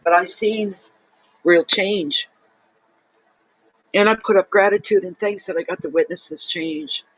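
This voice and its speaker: A man's voice: sits high, very animated, measured pace, vocal fry, pauses often, a bit bright, dry recording, low-quality recording. A man, a tarot reader and channel host, talking to camera in an emotional, rambling, heartfelt way. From Saint John, New Brunswick, Canada. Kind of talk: casual personal monologue to camera.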